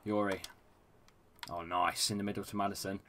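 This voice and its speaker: A man giving live commentary on his own football video game, excitable and swearing often, dropping from low mutters to loud shouts. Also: moderate pace, slight background noise. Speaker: gaming YouTuber.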